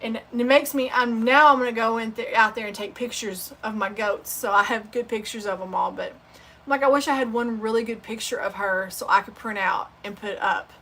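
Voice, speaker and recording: On a casual livestream for her sewing channel, a woman chats loosely and rambles, sharing heartfelt, unpolished stories. Her voice is a touch high, bright and forward, and she talks a little fast.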